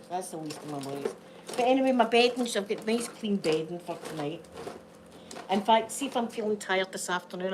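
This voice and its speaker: A woman's voice: mid-range voice, slight background noise. A woman with a Scottish accent, unwell, chatting casually and rambling in a home vlog. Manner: chatty, rambling, laughs often. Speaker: vlogger.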